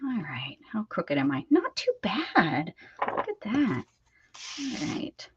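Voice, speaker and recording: A woman's voice: medium pitch, wildly swooping pitch, slow pace, husky, muffled recording. A woman hosting a casual crafting livestream, chatting and talking baby-talk to her cat as she works. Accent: American. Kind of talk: casual chat while crafting.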